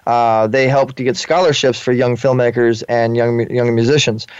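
A man hosts a radio interview, eager and talkative, often restarting and repeating words as he pushes a question. The sound is muffled and dry, with no room around it. His voice sits at an ordinary middle pitch. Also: fairly even intonation, moderate pace, clean tone, no echo. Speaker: host.

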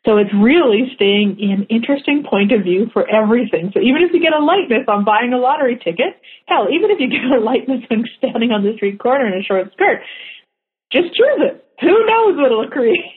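A woman's voice: fairly high pitch, expressive, a little fast. A woman teaching a class in a chatty way, often laughing at her own jokes. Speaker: workshop facilitator. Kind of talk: teaching talk. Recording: tinny phone-line sound.

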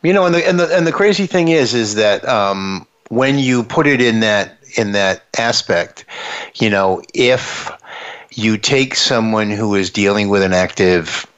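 A man's voice: on the low side, lively intonation, unhurried, fairly bright tone, clear, resonant tone. A man speaking earnestly and reflectively, often restarting his phrases. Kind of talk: conversational interview talk. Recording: dull lo-fi sound.

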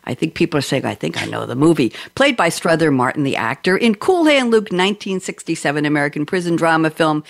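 A woman hosting a podcast and interviewing guests over a video call, chatty and lively. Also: sits low, brisk, vocal fry, few pauses. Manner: chatty, lively and often amused. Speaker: podcast host.

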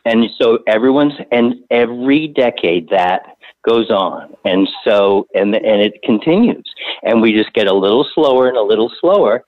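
Calm male doctor on a tinny phone line. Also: fairly low pitch, normal speed, dry recording. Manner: calm, explanatory, repeats words while thinking. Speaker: hospice doctor. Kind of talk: casual interview conversation.

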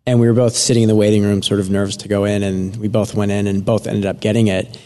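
Mellow-voiced male actor telling stories. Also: on the low side, fast talker. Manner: relaxed storyteller with fillers and soft laughs. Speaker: actor guest. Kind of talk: casual interview chat.

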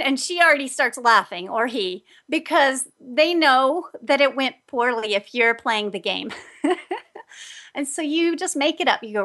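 Woman host, fairly high voice, animated storytelling, laughs a lot. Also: normal speed. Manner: animated, laughs often, acts out quoted voices. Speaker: host, energy healer. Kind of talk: personal storytelling advice talk.

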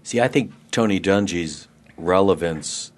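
A man on a sports talk panel giving earnest, measured opinions. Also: low voice. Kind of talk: casual sports radio banter.

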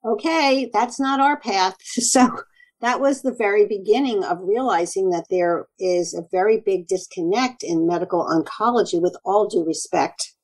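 A woman naturopathic doctor speaks as an interview guest. Her delivery is earnest and animated, and she acts out quoted exchanges as she goes. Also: medium pitch, normal speed, rough recording. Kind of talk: conversational interview.

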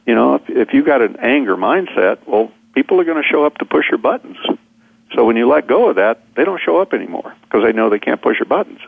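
A man's voice: mid-range voice, very animated, fast talker, creaky, slightly rough, dry recording, phone-quality sound. A man, a seminar speaker, telling a long story in conversation, rambling with many fillers and repeated words.

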